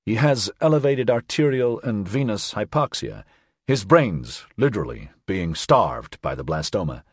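A man doing a wary low-voiced doctor. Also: big pitch swings, slightly rough, dry recording, clean studio sound, exaggerated voice. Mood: clinical. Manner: measured, clinical, wary. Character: cautious, guarded male doctor, low-voiced.

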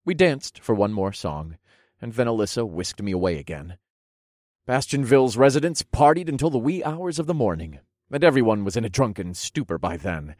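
A man narrating a first-person fantasy audiobook with expressive storytelling, softening for intimate moments. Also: mid-range voice, normal speed, no room sound, studio quality.

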